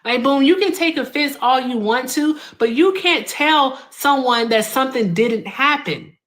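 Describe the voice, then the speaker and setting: A woman's voice: sits high, lively intonation, unhurried, a bit bright. A young woman hosting a heated debate, blunt and combative, cutting in with commands. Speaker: host.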